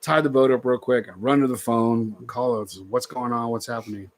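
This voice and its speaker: A man's voice: mid-range voice, steady tone, fairly quick. A middle-aged man telling a story in casual chat, acting out quoted voices and laughing often.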